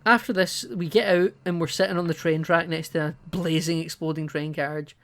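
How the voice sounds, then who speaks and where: A woman with a low voice, chatting casually as a podcast co-host. She retells a film scene by scene, breaking into quick quoted lines from the characters as she goes. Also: steady tone. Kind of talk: casual film recap chat.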